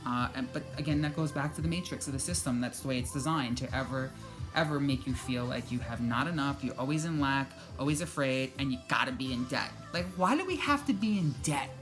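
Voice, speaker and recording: A woman's voice: rumbling low, steady tone, brisk, over music. A woman vlogger giving casual spiritual motivation talk, chatty and joking, cursing freely and acting out her own reactions.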